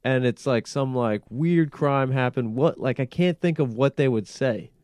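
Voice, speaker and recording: A man hosting a casual in-studio podcast conversation, animated, peppering his talk with swearing and "like.". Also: mid-range voice, unhurried, no echo. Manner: animated, frequent swearing and filler "like". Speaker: podcast host.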